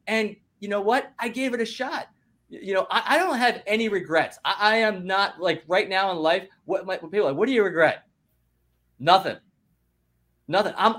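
A man with a fairly high voice talks as a guest business coach, pushing his points with rising energy. He is emphatic and rallying and keeps stopping himself to say "listen." His talk moves between relaxed explanation and loud bursts of encouragement. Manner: emphatic, rallying, fond of "guess what" and "listen".

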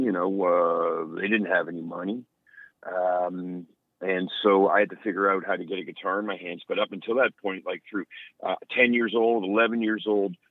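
A low-voiced man from Ontario, Canada, talking as a guest over a tinny telephone line. He jokes and rambles as he tells his stories. The sound is dry and thin, like a call. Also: dry recording. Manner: joking, rambling storyteller. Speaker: guest musician. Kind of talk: phone interview.

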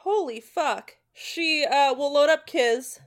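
A woman's voice: high voice, slow pace. A woman playing a tabletop game, blunt and casual, swearing now and then. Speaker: player.

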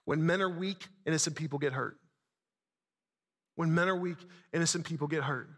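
A man's voice: on the high side, moderate pace, a bit bright, long reverb tail. A man preaching a sermon, retelling a story dramatically with casual asides. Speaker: pastor.

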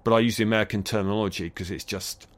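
Thoughtful Bristol-accented man, fairly low voice. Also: steady tone, racing. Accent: Bristol English. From England. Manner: thoughtful, hesitant with many restarts. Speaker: acoustics scientist guest. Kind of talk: interview answers. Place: recording studio.

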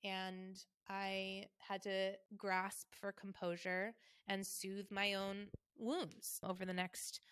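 A woman in her thirties hosting a podcast, telling a personal story in a wry, quiet, conversational way. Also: medium pitch, level tone, takes it slowly, clear, resonant tone, no room sound. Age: 30s. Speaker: podcast host.

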